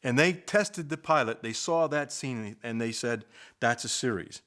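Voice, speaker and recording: An older man, an actor, recalling his early career in a soft-spoken, unhurried interview manner. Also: medium pitch, expressive. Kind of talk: interview reminiscence.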